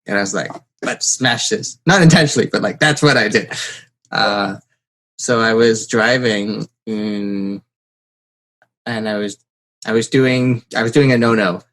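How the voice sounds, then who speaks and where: A man's voice: fairly low pitch, a little slow, pauses often. A man hosting a podcast, telling a story in casual chat and acting out the quotes. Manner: animated storyteller, acts out quotes. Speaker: podcast host.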